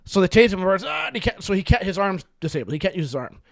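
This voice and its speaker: High-voiced fast-talking man telling stories. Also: big pitch swings, vocal fry, dry recording, clean studio sound. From Canada. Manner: rambling, laughs through his stories. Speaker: podcast co-host. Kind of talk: casual storytelling chat.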